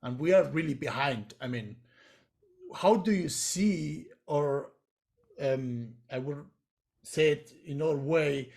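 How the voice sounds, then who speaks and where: A male host whose native language is Spanish, asking interview questions in a halting way, searching for words. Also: fairly high pitch, vocal fry, a little mellow. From Argentina.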